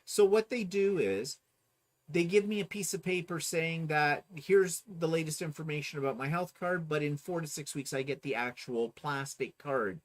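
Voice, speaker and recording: A man's voice: on the high side, normal speed. A man co-hosting a casual chat, animatedly telling a story and mimicking other people. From Ontario, Canada. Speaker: co-host.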